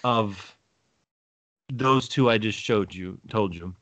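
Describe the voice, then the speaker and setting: A man's voice: fairly low pitch, slow, a bit bright, dry recording. Profane, rambling young man, dry sound. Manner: rambling, profane, jokey, laughs a lot. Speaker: podcast co-host. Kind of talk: crude casual chat.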